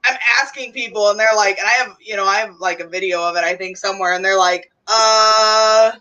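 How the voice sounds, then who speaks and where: A woman's voice: medium pitch, level tone, fast talker, pushed and bright, lo-fi sound. A woman chatting casually about her snakes, laughing often. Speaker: reptile livestream host. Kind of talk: casual chat. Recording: distant from the mic.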